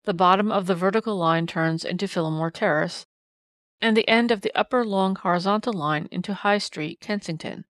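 A woman voicing a quiet, nervous old man calmly recounting a case in a storybook reading. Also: mid-range voice, fairly quick, no room sound, clean studio sound, natural voice.

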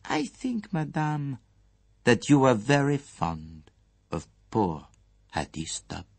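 Poirot, as a man plays him, husky and measured. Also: mid-range voice, wildly swooping pitch, no room sound, pitched above the performer's own voice, full character voice. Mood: accusing, measured. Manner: measured, gently relentless. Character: fussy, shrewd, elderly male detective. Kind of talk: audiobook character reading.

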